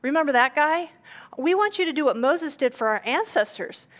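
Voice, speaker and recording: Woman pastor, somewhat high voice, animated conversational sermon delivery. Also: moderate pace. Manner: animated, conversational preaching with rhetorical questions.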